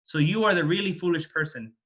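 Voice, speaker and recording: A man voicing a small boy in a told story, a son returned from heaven who pleads and then lectures his father calmly. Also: fairly high pitch, fast, muffled recording, close to an everyday voice. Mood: lecturing.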